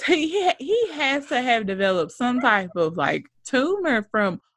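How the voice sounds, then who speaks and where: Animated woman podcast co-host, dry sound. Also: fairly high pitch, unhurried, no echo. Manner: animated, swears a lot, laughs often. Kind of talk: casual chat.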